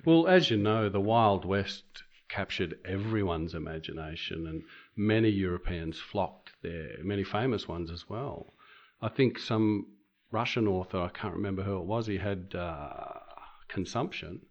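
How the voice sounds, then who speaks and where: Male radio voice, lowish, playful rambler, slightly muffled sound. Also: animated, measured pace. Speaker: radio presenter. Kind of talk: chatty studio banter.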